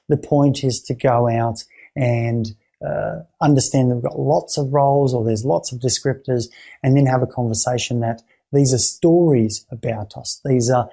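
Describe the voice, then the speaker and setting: Halting, mellow-voiced man teaching therapy. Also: mid-range voice, slightly rough. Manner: halting, with frequent repeated words and restarts. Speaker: therapy trainer. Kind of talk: explaining a therapy exercise.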